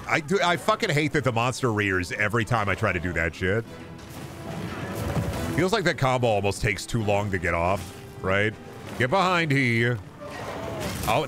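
Young male streamer, lowish voice, loose rambling jokey banter over game music. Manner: rambling, jokey, swears freely. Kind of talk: casual gameplay commentary. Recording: game music playing behind.

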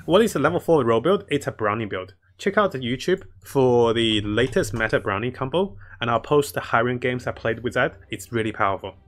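A man's voice: mid-range voice, lively intonation, fairly quick, few pauses. A man commentating his own strategy game live, chatting to viewers and laughing often. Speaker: streamer playing a strategy game.

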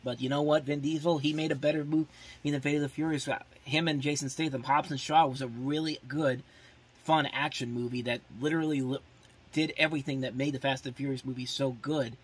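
This podcast host talks briskly in a voice on the high side, breathy-edged, with fairly even intonation. His casual, rambling movie preview is full of "like" fillers and restarts, and he's openly opinionated and exasperated about the films.

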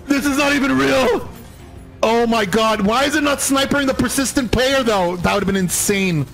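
A man streaming slot spins from home, screaming and laughing in disbelief at his wins, his voice hoarse and nearly gone. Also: extremely high pitch, moderate pace, a bit bright, faint music behind, poor audio. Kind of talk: excited live-stream reaction.

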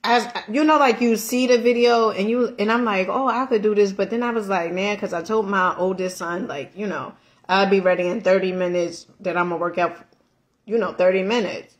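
Animated, laughing woman vlogger. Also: medium pitch, moderate pace. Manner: animated, laughing, slangy and emphatic. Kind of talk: casual storytelling chat while eating.

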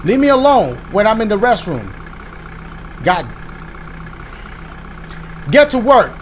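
A man casually commenting on his gameplay, cracking jokes, swearing freely and reacting loudly to scares. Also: high-pitched, big pitch swings, slow, slight background noise. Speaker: gaming YouTuber.

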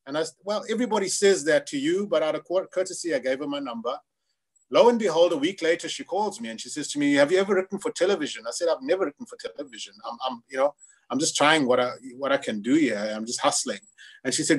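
Man from South Africa, interview guest, lively storytelling, mic voice on the higher side. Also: brisk. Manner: animated storyteller, acts out quoted voices. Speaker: screenwriter guest.

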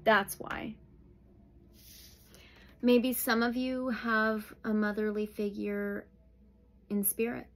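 Woman tarot reader, slightly high voice, calm unhurried delivery broken by bursts of excitement. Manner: slow and soothing, with sudden excited outbursts. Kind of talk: pick-a-pile tarot reading.

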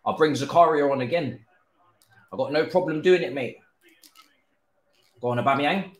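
A young man, commentating live on his own football video game, excitable and cursing at the players. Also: a little high, moderate pace. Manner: excitable, shouts and swears at the players. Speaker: gaming streamer. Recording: echoey room.

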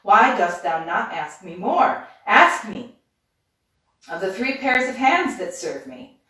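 Lady putting on a grumpy old storybook witch, slow and snarly, mic sits far off in an echoey room. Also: a little high, big pitch swings, a bit bright. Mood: demanding. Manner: slow, grinding, archaic speech. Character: old female witch, fierce and snappish. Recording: roomy, distant mic.

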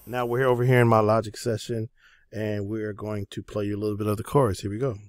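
A man hosting a casual music production tutorial, talking in a laid-back, loose way with many pauses and fillers. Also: fairly low pitch, flat delivery, dry recording.

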